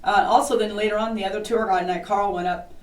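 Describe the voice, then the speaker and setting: A woman's voice: medium pitch, fairly even intonation, fast talker. A woman giving a guided tour, a chatty, jokey storyteller who talks a lot. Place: inside an old historic building. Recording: roomy, distant camera mic.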